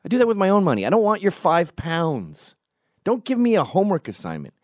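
A man's voice: sits high, wildly swooping pitch, brisk, no echo, studio quality. A man hosting a podcast, telling comic stories in a profane, ranting way. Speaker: podcast host. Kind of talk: casual comic storytelling.

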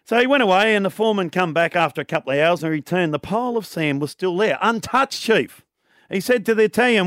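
A playful man with a high voice banters and tells jokes on a sports radio show. His manner is light and jokey. The sound is dry and close to the mic. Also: expressive, quick pace, fairly bright tone, dry recording. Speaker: co-host.

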